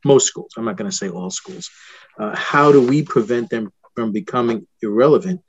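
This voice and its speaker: A middle-aged man hosting an interview, asking earnest, searching questions in halting phrases. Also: medium pitch, slightly rough. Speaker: podcast host. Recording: dull, dry lo-fi sound.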